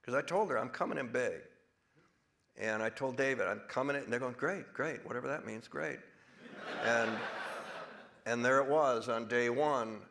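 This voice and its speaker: A man's voice: mid-range voice, vocal fry, a bit bright. A man in his sixties, an actor guest in a live stage conversation, talking in a rambling way with many restarts. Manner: rambling with restarts, drops into big put-on voices when quoting.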